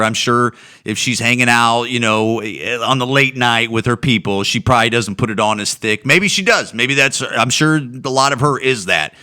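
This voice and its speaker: A man's voice: medium pitch, pushed and bright. A man from Ohio hosting a podcast, delivering a rambling, profane opinion monologue with frequent stammering restarts. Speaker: podcast host.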